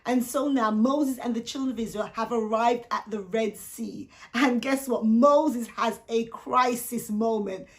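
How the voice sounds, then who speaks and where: A woman's voice: fairly high pitch, unhurried, few pauses. A woman coaching her viewers in a faith-based talk, speaking straight to them with rhetorical questions and acting out the voices of people in the story. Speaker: Christian life coach.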